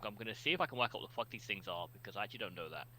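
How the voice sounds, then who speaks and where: Sweary Cockney man, lowish voice. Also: expressive, very fast, sharp tone, a little hiss or hum. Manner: blunt, sweary, joking. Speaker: player in a tabletop game. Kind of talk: casual banter over a voice call. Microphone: computer mic on an online call.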